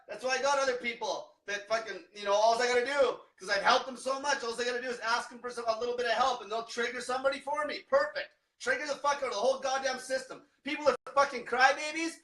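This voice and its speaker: Brash, swearing diet coach; bright, edgy man's voice, in an echoey room away from the mic. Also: extremely high pitch, distant mic. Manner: brash, swears constantly, combative. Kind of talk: profane livestream rant.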